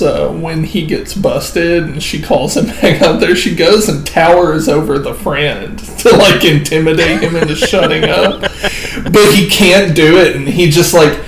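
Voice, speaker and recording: A man's voice: on the high side, gravelly. A man in a casual podcast chat, telling a movie moment with an amused tone. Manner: laughing, amused storytelling. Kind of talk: casual film discussion. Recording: roomy echo, faint noise.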